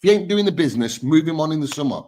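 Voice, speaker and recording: A man's voice: fairly high pitch, lively intonation, racing, darkish tone. A man on a fan panel, ranting bluntly and heatedly about his team's players. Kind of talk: heated football fan chat.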